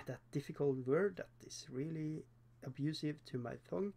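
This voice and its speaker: This Norwegian man, whose English is a second language and carries a Norwegian accent, hosts a casual livestream painting miniatures. His slightly high voice is gravelly with a dark tone. He's chatty and self-deprecating, often laughing and pausing on fillers.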